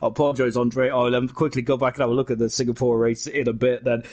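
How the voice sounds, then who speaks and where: A man commentating a sim racing league live, excitable and chatty, shouting at the big moments. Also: mid-range voice, quick pace. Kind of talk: live esports race commentary.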